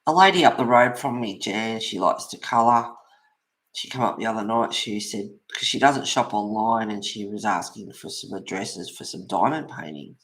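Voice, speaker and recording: A man's voice: on the low side, lively intonation, moderate pace, a bit bright. Brief: easygoing man, casual chat while colouring at home, rambles, laughs a lot. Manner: rambling storyteller, laughs often. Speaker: colouring channel host.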